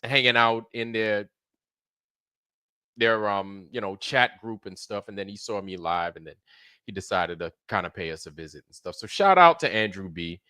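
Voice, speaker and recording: Male stream host, crisp bright voice, dry booth sound, rambling and salty. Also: lowish voice, animated, moderate pace, dry recording. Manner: profane, rambling, laughs often. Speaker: livestream show host. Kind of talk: casual chat.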